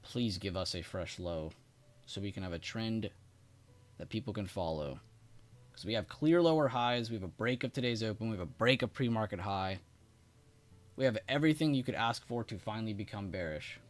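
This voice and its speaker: Low-voiced man hosting a trading stream. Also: moderate pace. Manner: casual, chatty, laughs often, talks to chat directly. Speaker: trading livestream host. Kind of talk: live market commentary reading chat.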